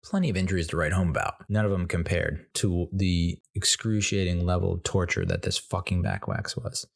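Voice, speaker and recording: A man telling a comedic story in a casual, animated way, swearing freely and acting out the voices of other people. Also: low voice, fairly quick, vocal fry. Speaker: comedy podcast host.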